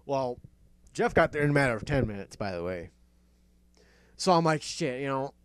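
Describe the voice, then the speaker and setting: A young man hosting a casual talk show, telling a story in an animated way, laughing and swearing often. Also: mid-range voice, normal speed, clean tone, no echo. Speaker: podcast host.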